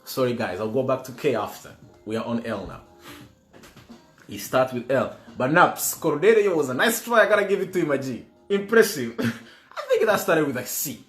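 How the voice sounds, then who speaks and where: A man's voice: medium pitch, lively intonation, normal speed. Man, quiz host, playful, bilingual, echoey room. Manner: playful, bilingual, greets viewers by name. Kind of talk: livestream trivia hosting. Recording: roomy with music behind.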